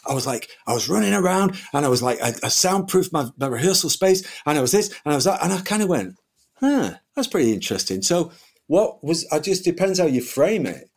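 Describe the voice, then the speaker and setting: A man's voice: a little high, brisk, creaky, breathy edge. Man telling rambling stories. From England. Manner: rambling, animated storytelling with restarts. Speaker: guest musician. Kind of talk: casual conversation.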